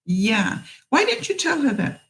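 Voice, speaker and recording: A woman's voice: a little high, wildly swooping pitch, unhurried, rough recording. A woman talks straight to her viewers, giving frank advice in a casual way. She laughs often and acts out what she would say to people. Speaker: vlogger answering viewer questions.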